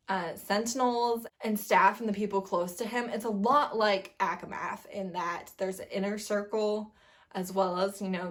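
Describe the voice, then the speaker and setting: A woman in her thirties, a book vlogger chatting at home about novels she loves, gushing and animated and laughing often. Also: medium pitch. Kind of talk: casual book tag chat.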